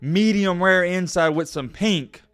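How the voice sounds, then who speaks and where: A man giving energetic solo sports commentary, talking emphatically and directly to his viewers. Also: high-pitched, measured pace, clear, resonant tone, no room sound, faint music behind.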